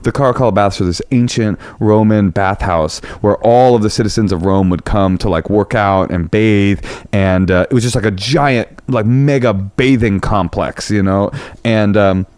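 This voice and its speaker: Man, comedian, animated storyteller, dry close mic. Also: on the low side, normal speed, hardly any pauses, clean tone, no room sound. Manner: animated, acts out quotes in other voices. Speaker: podcast guest, comedian. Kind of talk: casual storytelling chat.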